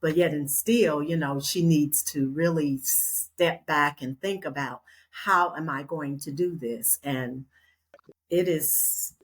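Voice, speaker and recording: Older woman with a low, husky voice. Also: slow pace. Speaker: panelist. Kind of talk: casual panel discussion. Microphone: video call.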